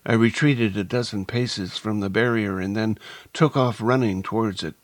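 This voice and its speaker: Low-voiced male audiobook narrator. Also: steady tone, no echo. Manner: measured, deliberate storytelling. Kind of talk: scripted first-person narration.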